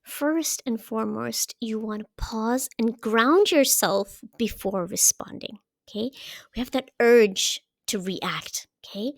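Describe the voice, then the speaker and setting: Calm, slightly high-voiced woman coach with a creaky edge; gives parenting advice, checks in often. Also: slow pace, no echo, studio quality. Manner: checks in often with "okay?" and "right?". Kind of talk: explaining parenting advice to camera.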